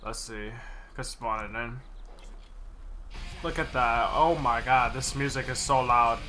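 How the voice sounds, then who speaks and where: A young man streaming gameplay, chatting casually and excitedly with slang and frequent laughs. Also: mid-range voice, a little slow, a little hiss or hum.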